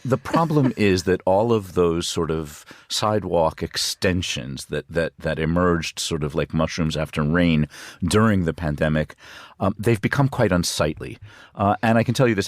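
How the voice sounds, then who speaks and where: Deep-voiced man in studio news chat. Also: no room sound. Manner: chatty, halting with fillers and restarts. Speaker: studio guest commentator. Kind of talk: news discussion. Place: radio studio.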